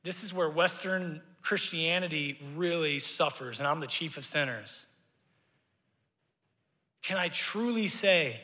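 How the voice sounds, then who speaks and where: A man preaching a sermon as pastor, conversational and energetic, leading the congregation in call-and-response. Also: on the high side, a little slow. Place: church sanctuary. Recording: reverberant church hall.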